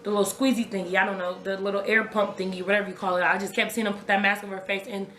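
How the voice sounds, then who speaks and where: A woman's voice: mid-range voice, flat delivery, rapid-fire, fairly bright tone, echoey room, slight background noise. A young woman recounting a personal story to her viewers in a casual, conversational way, often repeating herself. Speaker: vlogger telling her own story. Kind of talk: raw personal storytelling to camera.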